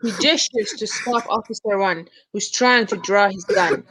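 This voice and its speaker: A woman narrating the stage directions of a play in a plain, even reading. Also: medium pitch, moderate pace, a little hiss or hum, low-quality recording. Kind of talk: scripted narration.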